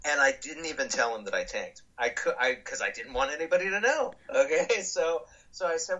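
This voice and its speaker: A man being interviewed as a guest, telling animated stories with frequent restarts and acted-out dialogue. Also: on the high side, fairly quick, hardly any pauses, lo-fi sound. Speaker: guest speaker. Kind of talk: storytelling interview answers.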